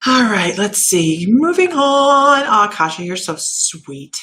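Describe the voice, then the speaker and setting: A woman giving intuitive readings on a live stream, chatty and warm, laughing at herself and drifting off topic. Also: mid-range voice, sing-song, slow pace. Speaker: intuitive reader and shaman.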